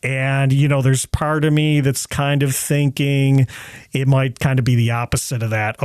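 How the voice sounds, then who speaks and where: A man's voice: medium pitch, level tone, moderate pace, darkish tone, clean tone, no echo. Dry-voiced man musing in casual chat. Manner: thoughtful, hedging, many "you know" fillers. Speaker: guest historian. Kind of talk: casual podcast discussion. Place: indoor room with others present.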